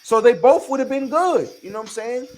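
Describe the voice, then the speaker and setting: A man's voice: extremely high pitch, expressive, fairly quick, a little mellow, a little hiss or hum, poor audio. A man hosting a podcast in casual chat, talking emphatically with a lot of profanity and repeating his points to lecture his listeners. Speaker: podcast host.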